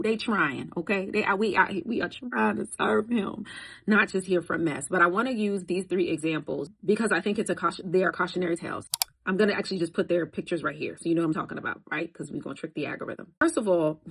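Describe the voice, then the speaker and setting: A Christian content creator talks to camera with casual faith commentary, preachy yet conversational, at times rising into emphatic exhortation. Her voice is lowish, a bit bright and slightly rough, and the audio is poor.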